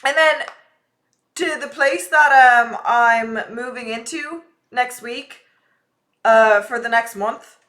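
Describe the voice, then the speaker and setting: A woman's voice: fairly high pitch, slow pace, bright, forceful tone. A young woman streaming live, chatting casually and ranting with a lot of swearing.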